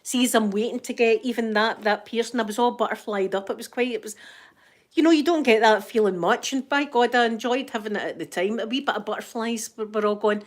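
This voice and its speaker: A woman's voice: fairly high pitch, brisk. Chatty Scottish woman ASMR host. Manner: chatty, laughs often, talks to viewers in the chat. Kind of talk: casual ASMR chat while knitting.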